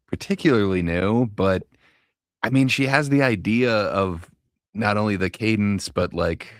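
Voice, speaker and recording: Low, measured male panel host. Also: no room sound, clean studio sound. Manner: measured, hesitant with fillers. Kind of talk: casual panel discussion.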